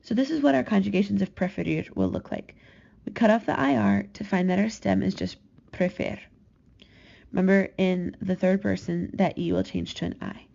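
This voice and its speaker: A woman teaching a recorded Spanish grammar lesson, slowly and carefully drawing out each verb form as she models it. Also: medium pitch, expressive, vocal fry, dark tone. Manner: slow, careful, drawn-out modeling of conjugations. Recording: slightly dull lo-fi recording.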